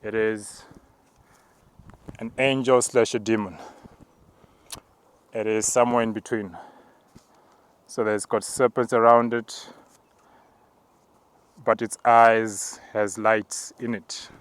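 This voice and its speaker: Low, flat-voiced man on a hill walk. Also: clean tone, dry recording. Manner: calm, measured, breaks into tongues. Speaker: apostle. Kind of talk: narrated spiritual walk. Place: outdoors on a mountain path.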